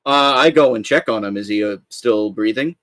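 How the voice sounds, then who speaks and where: A man's voice: on the low side, moderate pace, a bit bright, no room sound. A man playing in a tabletop game, declaring his moves hesitantly and checking the rules aloud. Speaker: player. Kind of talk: casual tabletop game play.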